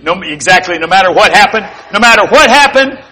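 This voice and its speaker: A man preaching a sermon, telling animated, jokey stories with sound effects. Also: high voice, a little fast, slightly rough. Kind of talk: sermon with storytelling.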